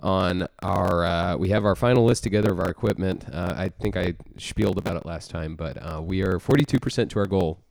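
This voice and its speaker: A man's voice: deep voice, fairly quick, vocal fry, hardly any pauses, darkish tone, no room sound. A man from Texas co-hosting a casual music podcast, rambling and self-mocking with lots of fillers and restarts. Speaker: podcast co-host.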